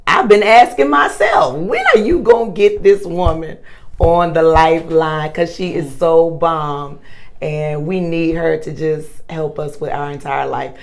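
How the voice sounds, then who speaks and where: A Southern woman hosts a podcast in a playful, teasing way and calls out to her audience. Her voice sits low, and she takes her time. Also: a little slow. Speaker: podcast host. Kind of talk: casual chat.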